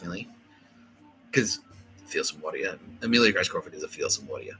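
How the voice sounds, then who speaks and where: A man hosting a solo podcast, rambling excitably with lots of swearing and laughter, often acting out what others said. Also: deep voice, normal speed, over music, rough recording. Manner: excitable, profane, laughing, acts out quoted voices. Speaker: podcast host.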